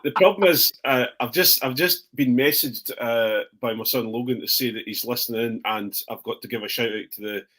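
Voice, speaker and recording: A middle-aged man on a video call co-hosting a rugby podcast, self-deprecating and halting, with many fillers. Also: mid-range voice, fairly bright tone. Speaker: podcast co-host. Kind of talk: casual chat.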